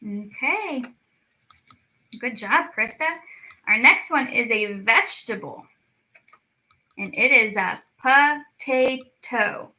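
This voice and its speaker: A young woman teaches young children in a bright, clear voice. She speaks slowly and draws each word out so small listeners can follow, and she praises them warmly as she goes. Her pitch sits a little high. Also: animated, rough recording. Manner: slow, drawn-out words for children, encouraging. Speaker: speech clinic storytime teacher. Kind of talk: children's lesson, clapping out syllables.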